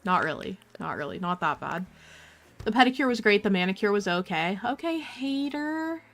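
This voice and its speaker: A woman's voice: on the low side, lively intonation, a little fast, creaky, fairly bright tone. Chatty young woman streaming a cozy game. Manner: chatty, playful, talks to her cat and chat. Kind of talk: casual game stream chat.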